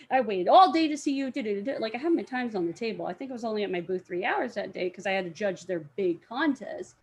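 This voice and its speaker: Young woman guest telling a con story, kinda high voice, super animated, yells out the quotes. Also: slightly rough. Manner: animated, acts out quotes with loud outbursts and laughter. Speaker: interview guest, cosplayer. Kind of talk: storytelling in a casual interview.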